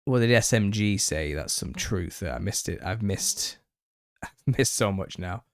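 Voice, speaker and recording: Male live-stream host, slightly raspy, lowish voice, dry close recording, reacts bluntly to chat. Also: animated, unhurried, dry recording. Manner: reads out chat comments and retorts, exasperated, laughing. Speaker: channel host answering viewer questions.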